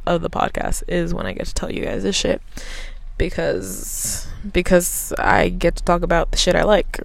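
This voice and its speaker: A woman's voice: medium pitch, creaky, darkish tone, no echo. A woman in her twenties hosting a casual solo podcast, rambling and swearing a lot in an offhand, self-mocking way. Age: 20s. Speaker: podcast host.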